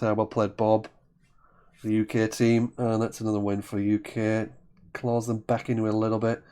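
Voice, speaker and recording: A man's voice: lowish voice, dark tone. A man commentating live on a word game, thinking aloud and often correcting himself. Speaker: Scrabble commentator.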